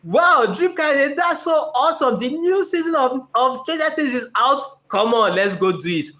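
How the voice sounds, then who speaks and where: A man's voice: a little high, fairly even intonation, moderate pace, fairly bright tone, close to an everyday voice. A man voicing his own tired, distracted self, a sluggish and complaining man. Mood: thrilled. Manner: drowsy, complaining, then suddenly thrilled.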